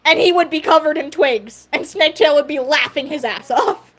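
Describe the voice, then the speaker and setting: A woman's voice: high-pitched, normal speed, fairly bright tone. A woman streamer chatting casually with her viewers, giggly and rambling, with frequent fillers. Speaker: livestream host. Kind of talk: casual livestream chat.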